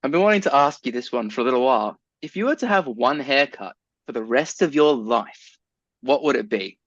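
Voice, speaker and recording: A man's voice: mid-range voice, expressive, brisk, fairly bright tone, no echo, highs cut off. A man co-hosting a podcast in casual chat, joking around, laughing often and asking questions. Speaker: podcast co-host.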